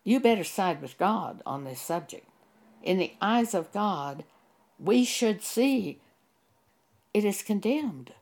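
A woman preaching a sermon at an unhurried, drawn-out pace. Her delivery is deliberate and emphatic, stressing each word and stopping to cite chapter and verse. Her voice sits at a middle pitch for a woman. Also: a little mellow. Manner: slow, deliberate and emphatic, citing scripture verses.

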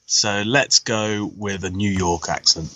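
Male remote co-host, lowish pitch, muffled call sound. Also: steady tone, slow pace, pushed and bright, slight background noise. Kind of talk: casual podcast chat. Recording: dull lo-fi call audio.

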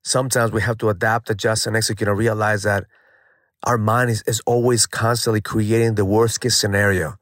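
A man's voice: on the low side, level tone, fairly quick, fairly bright tone, no room sound. A middle-aged man shares a personal story as host of his daily motivational message. He talks earnestly and casually, leaning on repeated phrases to drive points home. The recording is dry and close, with no room sound. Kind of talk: casual spoken reflection.

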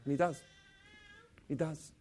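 A man delivers a sermon in a high, bright-pitched voice. He swings between loud, exclaiming passages and hushed, low, close asides. Now and then he throws direct questions out to the congregation. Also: steady tone, a little slow, husky. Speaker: preacher.

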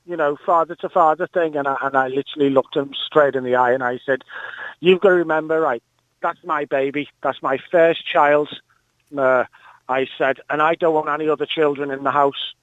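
A man's voice: fairly high pitch, fairly even intonation, fairly quick, a bit bright, dry recording, highs cut off. A man with a Liverpool accent calling a radio phone-in, telling a rambling story full of "you know". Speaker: caller.

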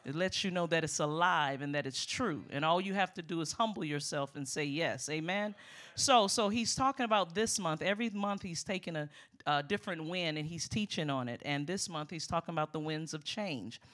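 A middle-aged woman preaching a sermon as a guest speaker, lively and emphatic, calling out to the congregation. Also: sits low, fairly quick.

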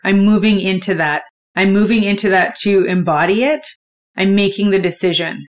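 A woman's voice: medium pitch, a bit bright. A woman hosting a solo motivational podcast, talking candidly and conversationally and swearing freely. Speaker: podcast host.

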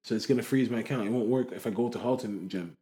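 A young man from the area, telling stories in a slangy, animated way during a casual chat. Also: medium pitch, quick pace. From Toronto area, Canada.

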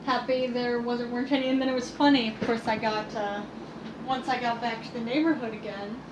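Woman, casual home chat, fairly high voice, filler-heavy, echoey room, noticeable background noise. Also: steady tone, brisk. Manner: chatty, reads news aloud with many fillers. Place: at home, indoors.

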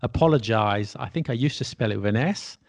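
A British man with a gravelly, creaky edge to his voice, chatting casually and explaining things. He spells words out letter by letter and adds wry asides, with a relaxed, conversational delivery. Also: medium pitch, brisk. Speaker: podcast co-host explaining spelling. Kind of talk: casual educational chat.

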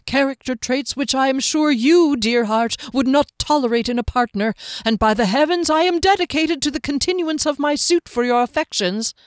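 A man's voice: very high voice, dry recording, studio quality, pitched above the performer's own voice. A woman voicing a pompous male suitor who speaks in long, flowery, overly formal phrases.

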